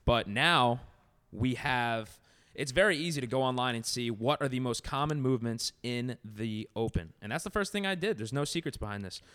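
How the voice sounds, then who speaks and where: A man co-hosting a podcast, talking about gym programming in casual chat, animated and laughing often. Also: medium pitch, normal speed, hardly any pauses, clear, resonant tone. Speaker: podcast co-host and gym coach.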